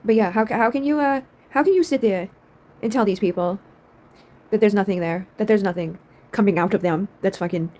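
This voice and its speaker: A woman's voice: medium pitch, brisk, darkish tone. A young woman ranting in a casual vlog, exasperated, swearing often and laughing between lines.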